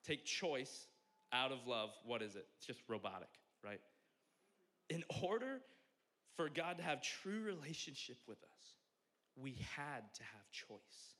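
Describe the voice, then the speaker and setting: A young man preaching a sermon as pastor, joking and animated, swinging from loud exclamations to quiet asides. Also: medium pitch, a little slow.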